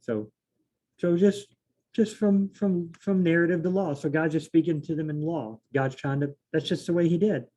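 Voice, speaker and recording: A man's voice: on the high side, moderate pace, dark tone. A man studying scripture aloud on his own, reading verses and then paraphrasing them in a loose, fumbling way, often correcting himself. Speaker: solo Bible study host.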